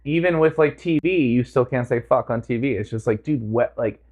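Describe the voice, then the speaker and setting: A man's voice: medium pitch, brisk. A man hosting a podcast, telling a story in casual chat and acting out the quotes as he laughs. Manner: animated, acts out quotes, laughs often. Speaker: podcast host.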